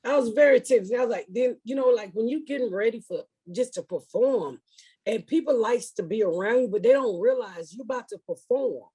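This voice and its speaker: A woman's voice: on the high side, expressive, fairly quick, mellow, husky. A woman comedian hosting a podcast, telling stories in a blunt, profane way. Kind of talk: casual chat.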